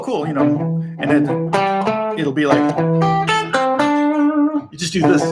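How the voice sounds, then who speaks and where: A man chatting loosely as a session guitarist answering viewer questions, telling stories with lots of fillers and restarts. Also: on the high side. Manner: loose and anecdotal, many fillers and restarts, demonstrates on guitar between phrases. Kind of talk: casual rambling chat. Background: guitar playing.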